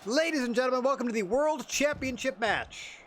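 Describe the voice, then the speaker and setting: A gravelly, booming wrestling announcer, put on by a man for a video game stream, pitched high and punching out dramatic play-by-play calls. Every move gets the full ringside treatment, hyped and theatrical. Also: lively intonation, a little fast, fairly bright tone, a little hiss or hum. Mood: announcing.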